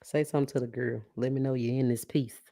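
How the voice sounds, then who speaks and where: A woman's voice: rumbling low, fairly even intonation, quick pace, gravelly, warm tone, no room sound. A woman hosting a live podcast, talking casually and animatedly to her listeners, often laughing and calling them y'all. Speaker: podcast host. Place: live stream reading comments.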